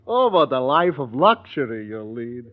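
An actor playing a fussy, affectionate older professor in a 1940s radio sitcom, talking in a doting, theatrical way. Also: male voice, medium pitch, big pitch swings, moderate pace, natural voice. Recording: dull old radio recording.

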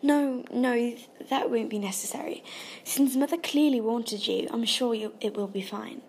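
A woman's voice: a little high, moderate pace, a little mellow, a little hiss or hum, natural voice. A woman reading an audiobook and voicing an anxious, polite adult woman who speaks formally. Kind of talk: audiobook character voice.

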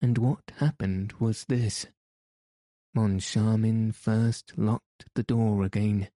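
A man reading a novel aloud in steady, deliberate scripted narration. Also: fairly low pitch, no room sound, studio quality. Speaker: audiobook narrator.

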